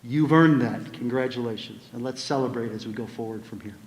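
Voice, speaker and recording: A man's voice: medium pitch, a little fast. An older man, a school administrator, giving a ceremony speech to honor students in a large hall, telling a family story.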